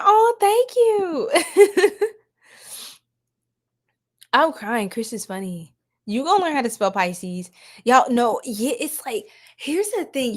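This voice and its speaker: A woman giving a casual livestream tarot reading, laughing often and chatting with viewers. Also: fairly high pitch.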